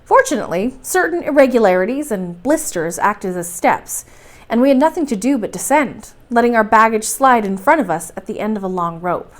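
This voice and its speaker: Library storytime reader, woman, slightly high pitch, steady clear narration. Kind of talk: bedtime story reading.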